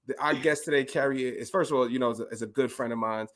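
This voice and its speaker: A man's voice: medium pitch, fast, a bit bright. A man hosting a podcast over a video call, talking in a laid-back, hyped way and laughing often. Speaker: podcast host. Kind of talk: casual podcast chat.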